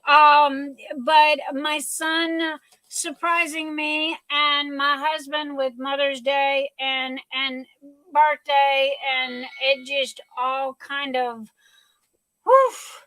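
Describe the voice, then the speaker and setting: Slow-talking, high-voiced tearful woman. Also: little pitch movement, pushed and bright, no room sound, rough recording. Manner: effusive, gushing, talks through tears. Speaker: livestream host. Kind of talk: casual live chat.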